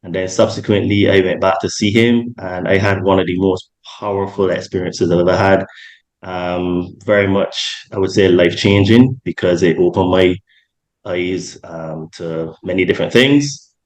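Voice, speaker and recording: A man's voice: low-pitched, steady tone, normal speed, rough recording. A young adult man hosting a podcast, talking in a rambling way with many ums and self-corrections. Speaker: podcast host. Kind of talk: casual podcast interview.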